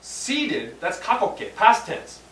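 A man preaching a sermon, halting and repeating words, then rising to emphatic peaks. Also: high-pitched, wildly swooping pitch, a bit bright. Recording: roomy sound from a distant mic with faint background hum.

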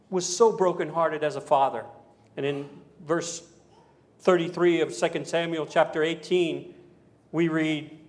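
A man preaching a sermon, telling a story dramatically and moving between emphatic passages and hushed ones. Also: a little high. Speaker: pastor.

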